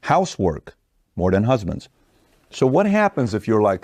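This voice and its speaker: A man giving an opinionated, forceful monologue with rhetorical questions. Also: fairly low pitch, huge pitch swings, moderate pace, dry recording. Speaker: commentator.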